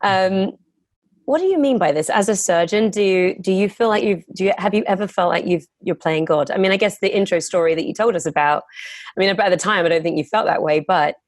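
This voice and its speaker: A woman's voice: medium pitch, fairly quick, no echo, studio quality. A woman hosting an interview, asking searching questions and circling back as she phrases them. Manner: reflective, searching questions with restarts. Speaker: interview host. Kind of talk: conversational interviewing.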